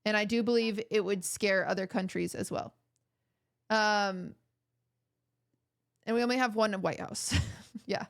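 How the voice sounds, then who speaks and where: A woman's voice: medium pitch, fairly even intonation, unhurried, gravelly, pauses often. A young woman streaming from home, chatting with her viewers in a rambling, joking, mock-outraged way. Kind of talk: casual chat with chat viewers.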